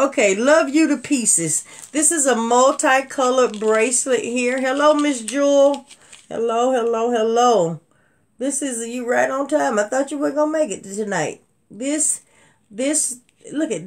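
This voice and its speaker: A woman hosts a live jewelry sale. She talks to her viewers in a chatty, folksy way, calling them y'all, and sounds like she is at home with them. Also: medium pitch. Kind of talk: casual live-stream selling with Bible trivia.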